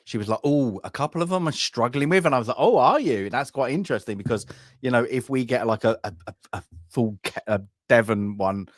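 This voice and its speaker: A man co-hosting a casual film podcast over a video call, rambling and halting as he restarts his phrases. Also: mid-range voice, dry recording, clean studio sound.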